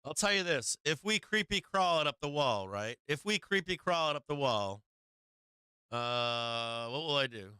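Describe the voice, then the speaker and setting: A man hosting a live stock market stream, chatting casually with profanity, frequent laughter and sudden animated bursts. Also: on the high side, moderate pace, smooth, no room sound. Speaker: stock market livestream host. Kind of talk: casual live trading commentary.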